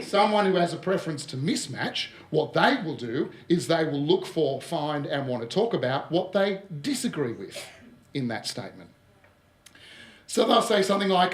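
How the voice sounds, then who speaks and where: An Australian man runs a business workshop in front of a live audience, his voice a touch high for a man. He talks in a lively, joking way, tossing out asides. The sound carries the echo of a big room. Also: unhurried. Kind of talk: workshop presentation. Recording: roomy echo of a hall.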